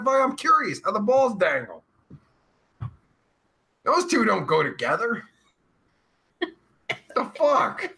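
A man hosting a live stream and reading out chat messages, rambling and crude, full of swearing and filler words, with drawn-out groans of pleasure. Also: very high-pitched, pushed and bright.

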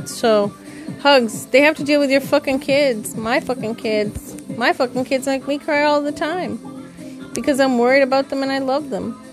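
A woman with a slightly high voice rambles through a casual solo podcast, chatty and candid. She swears freely and laughs at herself as she goes. Faint music sits behind her. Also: steady tone, normal speed. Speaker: podcast host; parent.

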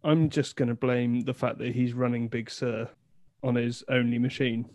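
A man's voice: mid-range voice, flat delivery, moderate pace, darkish tone. A man co-hosting a casual podcast chat, bantering, laughing often and explaining tech matters. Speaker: podcast co-host.

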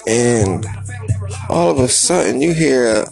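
Gravelly man telling a rambling comic story. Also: medium pitch, lively intonation, takes it slowly, a little mellow, faint music behind. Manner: rambling, repetitive, swearing, frequent "you know what I mean". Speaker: comedian.

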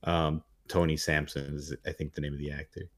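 A man's voice: rumbling low, little pitch movement, brisk, a bit bright. A man co-hosting a podcast, chiming in with dry jokes and asides during a casual episode recap. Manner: dry wisecracks, jokey asides. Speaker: podcast co-host.

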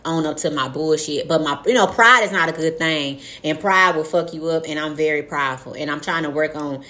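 Young woman, low voice, blunt and profane, animated candid talk. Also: fairly quick. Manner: frank, profane, animated storytelling with acted-out quotes. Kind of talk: casual candid chat.

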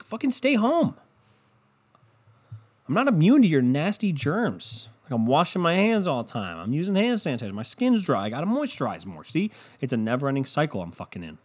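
A man with a somewhat higher voice rants to his listeners in a profane, exasperated monologue. He hammers his points home by repeating them and tosses out crude insults along the way. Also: big pitch swings, fast talker, few pauses, darkish tone, husky. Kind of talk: ranting monologue.

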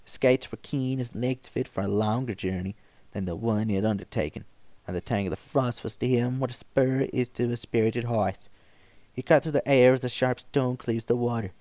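A man reading old stories aloud with measured, even narration. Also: medium pitch, dry recording. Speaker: story reader.

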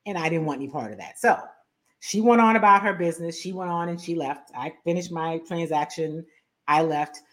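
A middle-aged woman hosting a talk show, telling a story with lively, animated delivery and acting out both sides of a quarrel. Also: fairly low pitch, brisk. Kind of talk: storytelling commentary.

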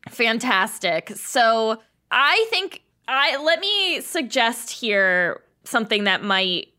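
A young adult woman co-hosting a podcast, chatting casually with frequent giggles and quick asides. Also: fairly high pitch, very animated, bright, forceful tone. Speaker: podcast co-host. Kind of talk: casual chat.

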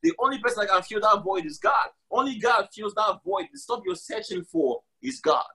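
A male preacher delivering an impassioned live message, hammering phrases again and again and slowing down for his boldest lines. His voice sits high and sounds forceful and bright, with a husky grain. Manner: emphatic, repeats key phrases, calls out "y'all".

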